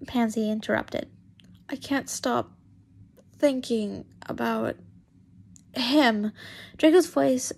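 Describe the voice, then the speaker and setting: A woman's voice: fairly high pitch, creaky, a little mellow. A young woman casually reading fanfiction aloud, stumbling over words and restarting lines as she goes. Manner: halting, stumbles and restarts often. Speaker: fanfiction reader.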